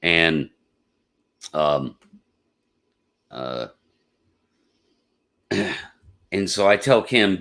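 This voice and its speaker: A man hosting a live stream, telling a personal story in a casual, rambling way. He gets excitable and repeats his words. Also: deep voice, slow, pauses often. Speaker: podcast host.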